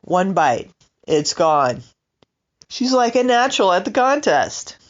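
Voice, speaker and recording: A woman's voice: mid-range voice, takes it slowly, dull audio. A woman doing a stand-up comedy monologue, rambling and asking her listeners questions. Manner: rambling, animated, asks the audience questions. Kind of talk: comic monologue.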